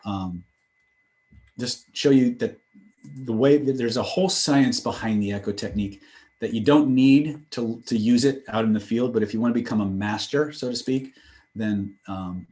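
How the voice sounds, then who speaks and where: This time the instructor's voice sits on the low side with a darkish tone, at normal speed. Teaching his live online class, he uses casual asides, shows phrases with changing tone and tempo, and often asks listeners "right?"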